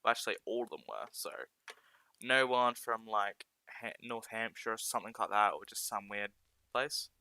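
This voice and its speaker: A man's voice: fairly low pitch, moderate pace, bright, forceful tone, clear, resonant tone, no room sound, clean studio sound. A man with a South Australian accent chatting casually while gaming on a stream, rambling, sarcastic and often correcting himself. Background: faint background music.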